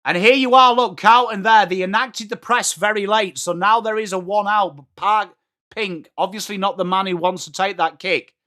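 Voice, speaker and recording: Pitched high and talking at a normal speed, he's a man from England with an English accent giving live football commentary on a watchalong stream. He's blunt and excitable, swears, and greets his chat by name.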